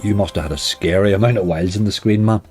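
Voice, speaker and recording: A man's voice: fairly low pitch, fast talker, a little mellow, soft background music. A man hosting a late-night slots live stream, chatting casually, greeting viewers and laughing often. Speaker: slot streamer.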